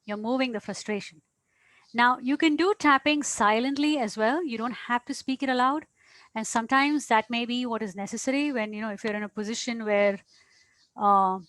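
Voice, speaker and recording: Higher-pitched woman coaching step by step. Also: no echo. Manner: patient, explanatory, with small hesitations. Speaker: astrologer and coach. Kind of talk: teaching a self-help technique step by step.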